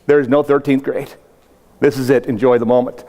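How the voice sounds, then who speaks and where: A mellow, mid-range voice with little pitch movement and a fairly quick pace belongs to an older South Dakota motivational speaker. Addressing a live audience in a humorous keynote, he acts out quotes in his stories and drops punchy asides, all under long hall reverb.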